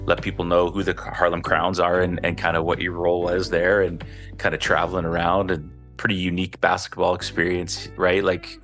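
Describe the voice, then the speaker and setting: A man's voice: deep voice, flat delivery, brisk, a bit bright, faint music behind. A man hosting a podcast, chatting in an easygoing way with loose slang. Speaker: podcast host. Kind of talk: casual chat.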